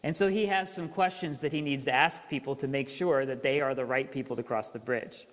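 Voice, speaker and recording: A man preaching a sermon as pastor, telling a story in a relaxed, conversational way with rhetorical questions. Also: medium pitch, brisk. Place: church sanctuary. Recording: echoey church hall reverb.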